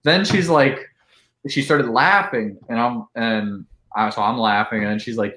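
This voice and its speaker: A man telling a long, animated party story in casual chat, with lots of "like" and acted-out quotes. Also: medium pitch, unhurried, reverberant. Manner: animated, full of "like", acts out quotes. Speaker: podcast guest.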